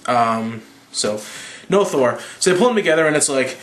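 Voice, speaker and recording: A slightly drunk young man rambling through a profane, casual movie recap with quick impressions. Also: mid-range voice, a bit bright, reverberant. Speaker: movie reviewer.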